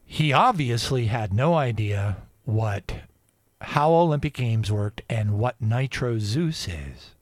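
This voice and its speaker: A man's voice: mid-range voice, lively intonation, slow, no echo, studio quality. A man hosting a radio show, talking in a rambling, digressive casual monologue.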